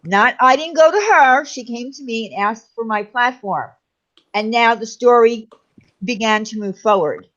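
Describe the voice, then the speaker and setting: A woman's voice: a little high, expressive, unhurried, a bit bright. A woman hosting a livestream panel, explaining firmly and steadily at length. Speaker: livestream host. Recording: dull lo-fi stream audio.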